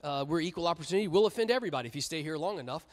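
A young-church preacher with a high voice, joking and animated as he talks to the room. His words carry long reverb through a large church hall. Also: racing. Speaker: youth pastor. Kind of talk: sermon.

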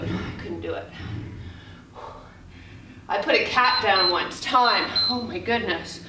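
A woman's voice: on the high side, recorded from a distance, noisy background. Chatty woman trainer in roomy echo. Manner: chatty, laughs often, swears casually. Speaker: fitness trainer. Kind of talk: workout instruction with casual chat.

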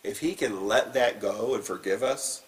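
A man's voice: on the low side, normal speed, recorded from a distance, rough recording. Plain-spoken male pastor, mic set back. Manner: informal and plain-spoken, with fillers. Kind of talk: scripture reading and conversational sermon.

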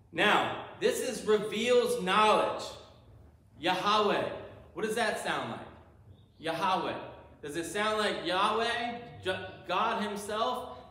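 A man's voice: sits high, sharp tone. A male pastor preaching a sermon, eagerly explaining Hebrew words and asking rhetorical questions. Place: church sanctuary. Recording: roomy, distant church sound.

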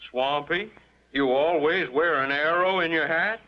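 A man's voice: fairly high pitch, a little slow, natural voice. Guy doing a worried pleading rancher dad, old muffled cartoon audio. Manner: fretful, pleading. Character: worried middle-aged rancher father. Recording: dull lo-fi 1950s TV soundtrack with music.

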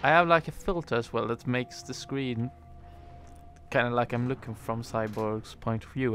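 A man's voice: mid-range voice, fairly even intonation, moderate pace, a bit bright, soft background music. A man commentating his game playthrough, joking and talking to the characters on screen. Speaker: gamer. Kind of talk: let's play commentary.

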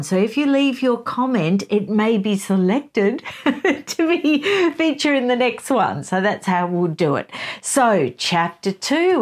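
A woman hosting a book review show, talking through a chapter in an animated, conversational way. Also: mid-range voice.

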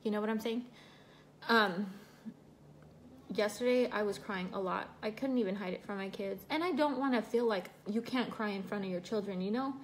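A woman's voice: medium pitch, moderate pace, slight background noise. A woman chatting casually on a livestream, reading viewer comments while she does her makeup, emotional about her broken foot. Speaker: livestream host.

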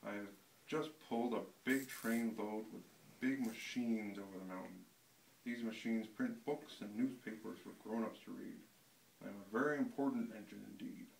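A haughty, self-important freight engine from a storybook, read out by a man in a gravelly voice. The voice carries a roomy echo with a faint hiss behind it. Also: on the low side, moderate pace, darkish tone, far from the mic. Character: pompous boastful male freight engine, storybook. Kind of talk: reading a picture book aloud.

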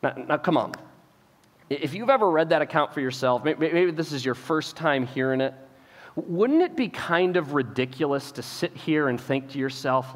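A pastor, giving an animated sermon, acting out the characters in the story and often repeating words as he starts a phrase. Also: on the high side, normal speed. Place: church auditorium. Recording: reverberant church hall.

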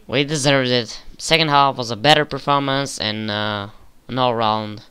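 A young man giving casual, profane commentary over a football video game he is playing, flaring up in frustration and excitement. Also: medium pitch, measured pace, clear, resonant tone. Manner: swears often, flares up with frustration and excitement. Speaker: gaming video creator.

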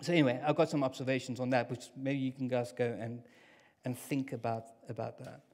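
A man preaching a sermon in a church hall, talking in a casual, conversational way that drops to near whispers and rises to loud bursts. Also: medium pitch, flat delivery, fairly quick. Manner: conversational, swings from hushed to loud. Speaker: pastor. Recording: long hall reverb.

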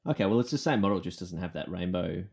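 A man hosting a podcast, asking questions in a relaxed, joking way. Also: low-pitched, fast, vocal fry, breathy edge. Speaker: podcast host. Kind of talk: casual conversation.

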